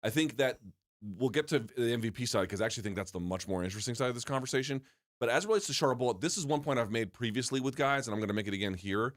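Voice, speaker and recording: A man's voice: medium pitch, expressive, rapid-fire. A man co-hosting a sports show, talking in an opinionated, emphatic way with many restarts. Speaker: podcast co-host. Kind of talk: casual sports debate.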